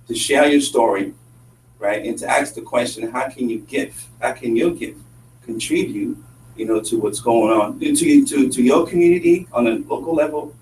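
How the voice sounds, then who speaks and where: A man with a French accent talks as an interview guest, his voice coming from a distance in a roomy space over a faint hum. He speaks with passion and emphasis and keeps circling back to repeat his points. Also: mid-range voice. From Congo. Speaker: guest activist. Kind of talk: earnest conversational interview.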